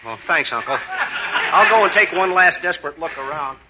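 A hapless young shopkeeper, played by a man in a vintage radio comedy, earnest and self-deprecating. The audio is muffled and carries steady hiss. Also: a little high, normal speed, natural voice. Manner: earnest, rising to comic exasperation. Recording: muffled old radio recording with clear hiss.

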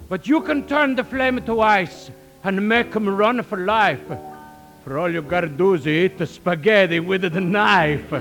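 A man singing a cheeky novelty song with a high, lilting tenor in a 1940s radio comedy. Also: low-quality recording. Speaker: singer. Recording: old radio broadcast with music.

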